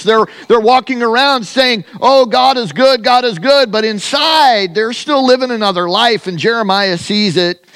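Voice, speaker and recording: A man with a notably high-pitched voice delivers a Sunday sermon. His preaching is animated, leaping to loud, emphatic peaks and sinking to soft, confiding lows. Between scripture readings he slips into loose, conversational asides full of restarts. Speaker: pastor.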